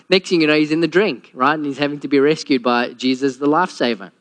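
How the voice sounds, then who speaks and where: Male pastor, sermon delivery, slightly high voice, animated storyteller. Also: quick pace, hardly any pauses. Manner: storytelling, acts out quotes with a lowered voice.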